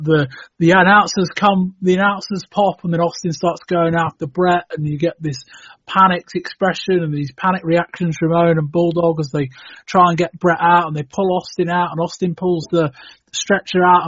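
Husky, higher-voiced male podcast host. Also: no room sound. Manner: hesitant, restarts often, relaxed. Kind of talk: casual retro wrestling podcast chat. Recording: dull lo-fi dry sound.

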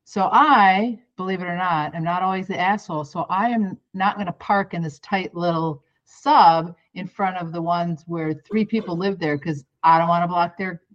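A woman's voice: fairly low pitch, moderate pace, hardly any pauses, muffled recording. A woman co-hosting a podcast, telling a story bluntly, with plenty of swearing and self-mocking humor. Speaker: podcast co-host. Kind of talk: casual storytelling.

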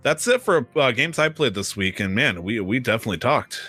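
Bright-voiced rambling man chatting casually. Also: medium pitch, animated, fairly quick, husky, soft background music. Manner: rambling, lots of fillers and restarts. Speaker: podcast co-host. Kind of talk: casual chat.

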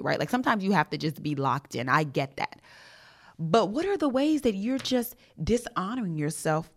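A woman hosting a motivational leadership podcast. She speaks emphatically, repeats her points and fires off rhetorical questions. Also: on the low side. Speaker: podcast host and leadership coach.

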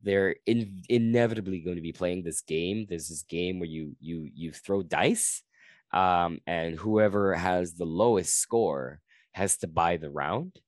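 A man's voice: sits low, unhurried, no room sound, studio quality. A man guest on a casual podcast, telling stories in a laid-back way and swearing freely. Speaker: comedian guest. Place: lives in Toronto.

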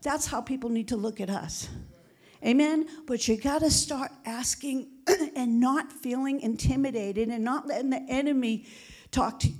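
A woman pastor delivers a sermon in a voice pitched a little high. She preaches emphatically, calling out for amens and sinking to a hushed whisper for quotes. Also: vocal fry. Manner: emphatic preaching with frequent call-outs for amen.

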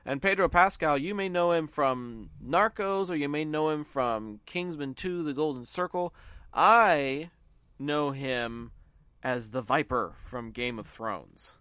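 A man's voice: on the high side, measured pace, pushed and bright, clean tone, dry recording. Southern guy on a podcast gushing about movies, keeps restarting sentences, dry close mic. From American South. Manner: rambling, enthusiastic, restarts phrases. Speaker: podcast co-host. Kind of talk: casual movie chat.

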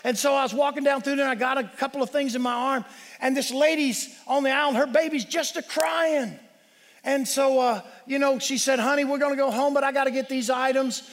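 A man preaching a sermon as pastor, telling a story with emphatic shouted peaks. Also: extremely high pitch, steady tone, brisk. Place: church sanctuary. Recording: long reverb of a church hall.

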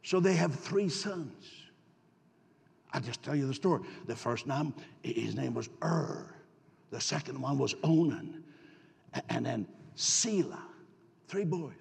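A pastor with a medium-pitched, gravelly voice speaks slowly and expressively, leaving long pauses. In a church sanctuary with long hall reverb, he preaches a folksy storytelling sermon, stammering through restarts and posing rhetorical questions to his congregation.

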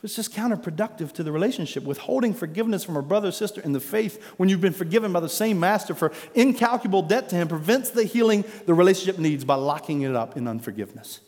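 A man's voice: expressive, fast, few pauses. Emphatic preaching man in a reverberant hall. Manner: emphatic preaching, rising to loud declarations then dropping low. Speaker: pastor. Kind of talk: sermon.

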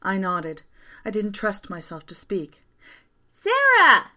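A woman narrating a first-person story aloud in a quiet, steady way. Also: on the low side, measured pace.

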